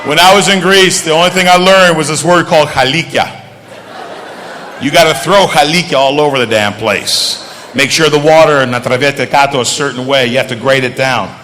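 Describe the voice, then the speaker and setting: A middle-aged man doing stand-up comedy and telling animated stories. His voice sits high and sounds bright. It was recorded on stage in a hall with a long reverb. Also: brisk, a little hiss or hum. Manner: animated storytelling, switches into Greek.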